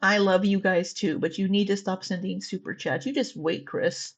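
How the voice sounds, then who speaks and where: Husky-voiced woman chatting to her chat. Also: medium pitch, steady tone, normal speed. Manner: chatty, teasing, swears, talks to viewers. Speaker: livestream reaction host. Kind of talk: casual live reaction chat.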